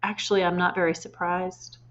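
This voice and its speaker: A woman voicing a kind young schoolteacher who speaks quietly and calmly while reading a storybook aloud. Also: fairly low pitch, a little fast, muffled recording, lightly acted. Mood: gentle. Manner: quiet, soft and calm.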